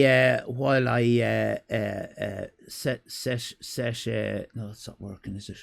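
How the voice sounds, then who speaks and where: Speaking slowly in a fairly low, creaky voice with fairly even intonation and hardly any pauses, this man hosts a live stream from a home room with cats. His casual chat is rambling and full of swearing, and he keeps interrupting himself mid-sentence.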